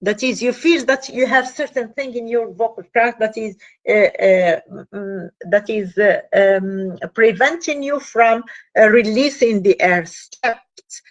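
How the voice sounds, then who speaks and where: A woman's voice: fairly high pitch, unhurried, dull audio. A woman teaching linguistics in a classroom lecture, explaining step by step with frequent fillers and repeated phrases.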